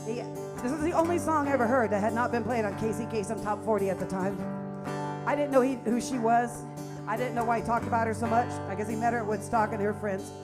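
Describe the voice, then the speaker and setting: A woman's voice: fairly high pitch, quick pace, loud music behind the voice. A woman in her fifties, a singer hosting her own show, chatting on stage in a coffee shop in a self-mocking, nervous way. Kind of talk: casual stage banter.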